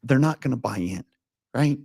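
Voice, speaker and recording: A man's voice: mid-range voice, expressive, normal speed, gravelly, a little mellow, breathy edge, dry recording, studio quality. A man in his forties, a leadership coach, talking earnestly and intensely in a casual interview, telling stories with frequent restarts.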